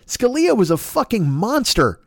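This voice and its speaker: A man's voice: big pitch swings, normal speed, gravelly, husky, no echo, studio quality. A man, the host, delivering a heated, profane comedic political rant. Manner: heated, profane, sweeping swings in pitch.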